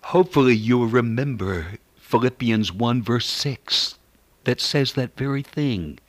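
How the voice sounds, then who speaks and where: A man preaching a sermon in an earnest, measured way, reciting scripture as he goes. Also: mid-range voice, dry recording.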